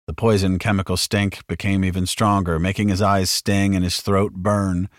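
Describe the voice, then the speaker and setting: A man reading an audiobook with dramatic narration, shouting the characters' lines at full force. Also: low-pitched, level tone, moderate pace, no room sound, studio quality.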